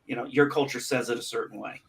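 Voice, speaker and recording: A man's voice: mid-range voice, steady tone, fast, vocal fry, fairly bright tone. A man from the United States in casual chat, curious and rambling, restarting his sentences often.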